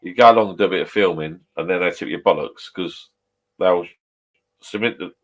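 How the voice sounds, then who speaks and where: Bloke, fifties, low voice, a few beers in, rambling sweary chat in his pub shed. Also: fairly quick. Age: 50s. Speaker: vlogger.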